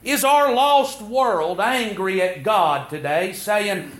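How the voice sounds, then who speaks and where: Preacher guy, fairly high voice, slow, lots of rhetorical questions. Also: a bit bright. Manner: preaching cadence, rhetorical questions, quoting scripture. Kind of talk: sermon.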